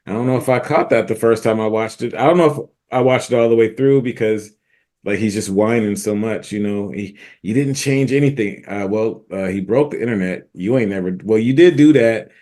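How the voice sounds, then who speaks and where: A man's voice: on the low side, brisk, a little mellow. A man co-hosting a casual talk show, laid-back and joking. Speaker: co-host. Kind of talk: casual chat.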